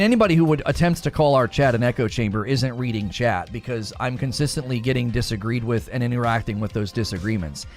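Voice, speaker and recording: A man hosting a live gaming talk stream, arguing with his chat and answering it directly in an animated way. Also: medium pitch.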